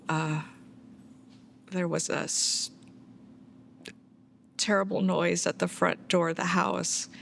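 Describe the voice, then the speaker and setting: Gravelly-voiced woman recounting hard memories. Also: fairly low pitch, a little hiss or hum. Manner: halting, sighing, soft-spoken retelling. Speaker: abuse survivor telling her story. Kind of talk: documentary interview testimony.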